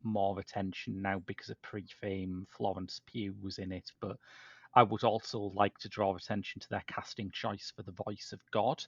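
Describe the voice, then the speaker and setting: Gravelly low-voiced man, dull dry sound. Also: level tone, moderate pace, a bit bright, no room sound. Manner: chatty, talks in restarts and asides. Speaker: podcast host. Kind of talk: casual film discussion. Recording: dull dry low-fidelity podcast audio.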